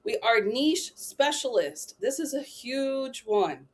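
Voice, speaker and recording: A woman's voice: on the high side, lively intonation, takes it slowly. A young adult woman giving a chatty, emphatic training talk to travel agents, often checking in with "right?" and "okay?".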